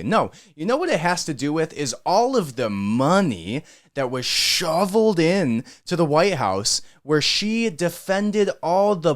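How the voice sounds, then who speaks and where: A man hosting a podcast who rants in a sarcastic, indignant tone. His pitch leaps up and down with lively emphasis. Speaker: podcast host. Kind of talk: political commentary.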